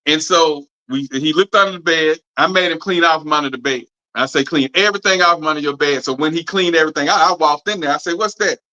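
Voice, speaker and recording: A middle-aged man telling a long family story on a podcast in a drawling, animated way. He keeps repeating "I say" and puts on voices for the people he quotes. His voice is bright, sits a little high, and comes through dull, lo-fi stream audio. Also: quick pace, few pauses. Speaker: podcast host. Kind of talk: casual storytelling chat.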